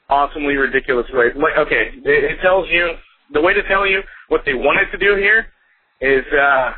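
Texan caller on a tinny phone line. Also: male voice, medium pitch, breathy edge. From Texas. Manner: rambling, amused, fillers. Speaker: voicemail caller. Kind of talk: casual voicemail.

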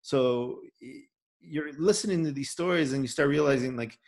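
A man's voice: medium pitch, normal speed, a little mellow. A man with a Chicago accent hosting a casual podcast chat, talking with many fillers and repeated words. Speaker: podcast host.

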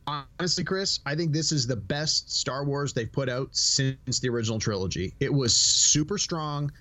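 A man's voice: mid-range voice, normal speed. A middle-aged man hosting a casual podcast chat, telling stories with acted-out quotes and laughing as he talks. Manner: animated storyteller, acts out quotes, laughs while talking. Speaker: podcast host.

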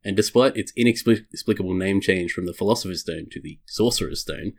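A man with a fairly low voice carries a podcast segment, reading prepared notes in a casual, wry way. He breaks off for dry jokes and drops the odd swear word. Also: brisk, creaky. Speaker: podcast host.

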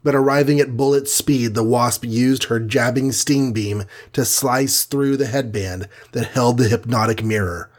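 A man's voice: medium pitch, fairly even intonation, unhurried, hardly any pauses. A man narrating a superhero storybook with a dramatic, vivid reading. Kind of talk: scripted audiobook narration.

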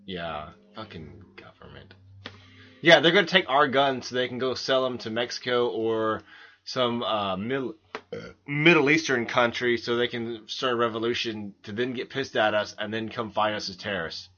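A man hosts a casual podcast, rambling through his points with fillers and restarts and slipping into crude jokes. His voice sits at an ordinary pitch. The recording is muffled and lo-fi. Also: animated, normal speed, sharp tone. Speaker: podcast host.

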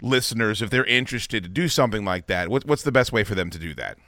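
Bright-voiced man hosting a podcast. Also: fairly low pitch, animated, fast, no room sound, studio quality. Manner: swearing, laughing, self-deprecating. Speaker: podcast host. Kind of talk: casual interview chat.

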